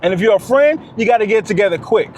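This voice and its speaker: A man's voice: high voice, lively intonation, racing, a little mellow, slight background noise. A man giving a casual, preachy monologue, repeating his points with emphasis. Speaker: vlogger.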